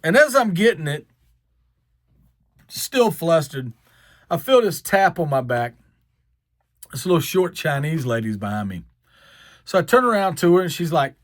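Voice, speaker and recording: A man from the American South with a long drawn-out Southern accent, telling a self-mocking story. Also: on the high side, no echo, clean studio sound. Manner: drawled, self-mocking, animated. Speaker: vlogger. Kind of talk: storytelling to camera.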